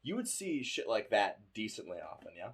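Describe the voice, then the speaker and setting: Animated young man swapping stories. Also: lowish voice, a little fast, noisy background. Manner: animated, profane, acts out voices in his stories. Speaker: podcast co-host. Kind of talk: casual storytelling.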